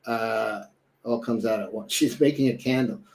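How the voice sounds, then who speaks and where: A young adult man co-hosts a casual talk show in a lowish, slightly mellow voice at normal speed. He rambles with plenty of fillers and tells jokes in put-on voices.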